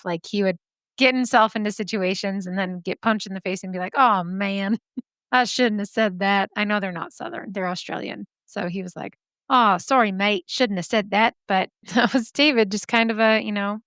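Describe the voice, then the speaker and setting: A woman's voice: mid-range voice, no room sound, clean studio sound. A woman hosting a true-crime podcast, telling the story casually with sassy asides and frequent laughs. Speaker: podcast host.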